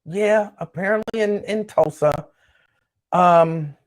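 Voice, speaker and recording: Hosting his own show, a man speaks slowly in a high-pitched voice that is clear and resonant. He chats casually by himself and reads viewer comments, rambling loosely and circling back over the same points.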